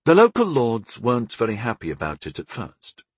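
A man voicing a measured, diplomatic young male apprentice giving a report. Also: mid-range voice, wildly swooping pitch, slightly rough, no room sound.

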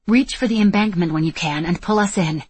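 A woman's voice: fairly low pitch, brisk, darkish tone, husky, no room sound. A woman voicing a determined young woman under fire, speaking tersely and urgently. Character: tense determined young woman time traveler.

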